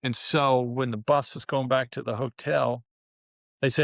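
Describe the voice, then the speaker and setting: Older guy telling an old locker room story, relaxed and salty, dry close sound. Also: medium pitch, measured pace, gravelly, no room sound. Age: 70s. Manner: candid, relaxed, colorful, with frequent fillers. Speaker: guest, former pro basketball player. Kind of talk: casual storytelling interview.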